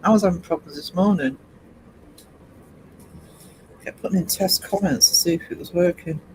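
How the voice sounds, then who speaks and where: High-voiced man chatting on stream. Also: normal speed, a little mellow, a little hiss or hum, poor audio. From United Kingdom. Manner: rambling, chatty, greets chat by name, many ums. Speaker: livestream host. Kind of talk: casual live-stream chat with viewers.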